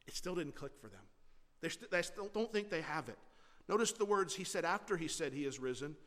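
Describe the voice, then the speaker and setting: A man with a slightly high voice preaches a sermon, his words ringing with the long reverb of a large hall. He swings between loud emphasis and hushed, gentle lines. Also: lively intonation, fast talker. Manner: shifts between loud emphasis and soft quiet delivery. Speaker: pastor.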